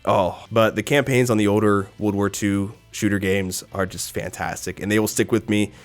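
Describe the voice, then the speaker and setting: A man's voice: lowish voice, moderate pace, soft background music. Casual, swearing young American man. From United States. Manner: casual, swears often, animated asides. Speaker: YouTube creator. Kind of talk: casual Q&A vlog.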